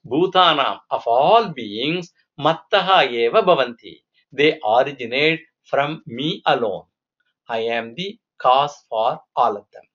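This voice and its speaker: A man's voice: mid-range voice, animated, measured pace, a bit bright, slightly rough. A man giving a scripture lecture as a teacher, explaining patiently and asking and answering his own questions. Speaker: Vedanta teacher. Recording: dull lo-fi recording.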